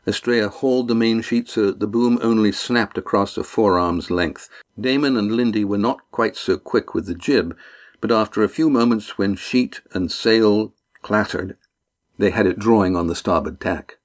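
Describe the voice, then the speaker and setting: A man narrates an adventure audiobook in a steady, measured voice. His pitch sits somewhat low.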